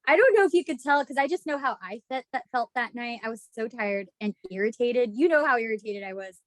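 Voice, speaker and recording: A woman's voice: fairly high pitch, expressive, a little fast, a bit bright, no echo. A woman co-hosting a podcast in casual chat, telling stories, laughing often and acting out what she said back then. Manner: chatty storyteller, laughs often, acts out her own past lines. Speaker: podcast co-host.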